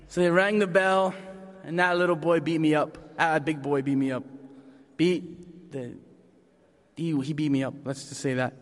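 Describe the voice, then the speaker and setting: A man from Canada doing stand-up storytelling and laughing at his own punchlines, recorded in a reverberant hall. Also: fairly high pitch. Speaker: stand-up comedian.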